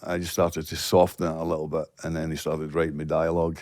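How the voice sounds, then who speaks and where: A man's voice: rumbling low, little pitch movement, fast, a little mellow, dry recording, clean studio sound. A man with a Glaswegian Scottish accent, a guest telling stories in casual podcast chat, swearing freely and laughing. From Scotland. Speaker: actor guest.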